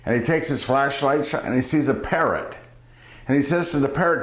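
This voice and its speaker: A man's voice: fairly high pitch, brisk. Man preaching a homily in an echoey room. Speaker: preacher giving a daily reflection. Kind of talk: homily with a told joke.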